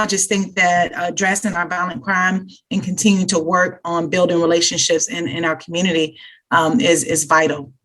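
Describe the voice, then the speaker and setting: A woman speaks in a slightly low but bright, ringing voice. She answers interview questions earnestly and at an unhurried pace, often pausing on fillers. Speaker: candidate for sheriff, retired police officer.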